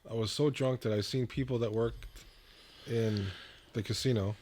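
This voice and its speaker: Laid-back man telling a halting story. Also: medium pitch, fairly even intonation, darkish tone, a little hiss or hum. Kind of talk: casual chat.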